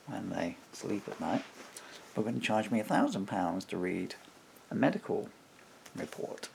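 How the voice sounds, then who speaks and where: A man with a deep, heavily gravelly voice tells a story straight to his camera from a room at home. He talks animatedly and casually, slipping into the voices of the people he quotes. A faint hiss sits under the recording. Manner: animated, acts out quoted voices, chuckles between points. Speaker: vlogger.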